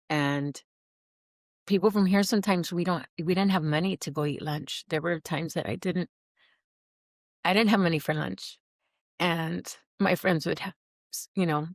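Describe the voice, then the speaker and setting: Middle-aged woman sharing her story on a podcast, kinda low voice, earnest and animated, dry close mic. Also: no echo. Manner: earnest, animated, acts out quoted dialogue. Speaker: podcast guest, recovery program alumna. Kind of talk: heartfelt personal storytelling.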